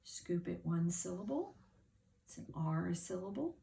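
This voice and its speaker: A middle-aged woman teaching a phonics lesson to young children, sounding out words slowly and patiently. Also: on the low side, big pitch swings, gravelly, mellow. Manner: slow, patient, over-articulated sounding out.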